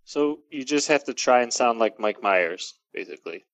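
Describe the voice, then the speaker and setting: Lively-voiced chatty man. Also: medium pitch, moderate pace. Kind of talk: casual chat.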